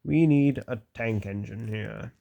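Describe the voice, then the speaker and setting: Stern storybook railway boss, older man, measured and a touch louder, read by a man. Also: medium pitch, creaky, phone-quality sound. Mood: severe. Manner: slow, severe and measured.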